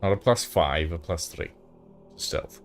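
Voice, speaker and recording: Slow, halting male game master. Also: sits low, animated, slight background noise. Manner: slow, halting with many fillers. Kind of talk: narrating a tabletop game.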